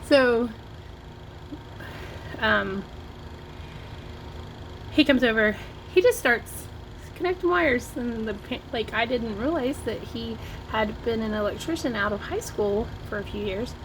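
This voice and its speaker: A woman's voice: fairly high pitch, slow pace, long pauses, rough recording. A woman from Ohio chats to her camera at home, piling on "like" and "oh my gosh" as she tells a story. Her voice sits a little above the usual for a woman. Faint household noise and dogs sit behind her. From Ohio, USA. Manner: chatty, lots of "like" and "oh my gosh". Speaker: vlogger. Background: barking dogs.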